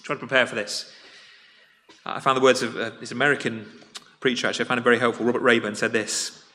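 A man preaching a sermon as pastor, plain-spoken and conversational, alternating loud emphasis with quiet, earnest drops. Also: medium pitch, flat delivery, quick pace. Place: church sanctuary. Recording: long reverb of a church hall.

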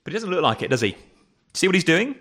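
Chatty preacher with a raised pitch. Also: male voice, big pitch swings, quick pace, fairly bright tone. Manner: conversational, asks the congregation rhetorical questions; stumbles and repeats words, corrects himself. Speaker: pastor. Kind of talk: sermon. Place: church.

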